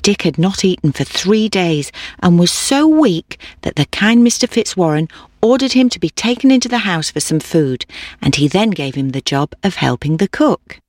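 A woman reading a children's fairy tale aloud in a clear, steady storybook manner. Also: fairly low pitch, normal speed, no room sound, clean studio sound.

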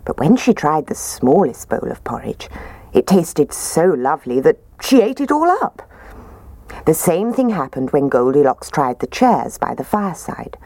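A woman reading a children's story aloud in a gentle, expressive way. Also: deep voice, normal speed, no room sound.

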